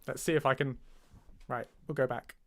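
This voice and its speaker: A man's voice: mid-range voice, fairly even intonation, normal speed. A man from Surrey with a Southern English accent, chatting casually during a livestreamed audiobook session and teasing himself about his accent attempts. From Surrey, England. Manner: chatty, self-deprecating, tries out voices. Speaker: audiobook narrator and author. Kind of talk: casual livestream chat while recording.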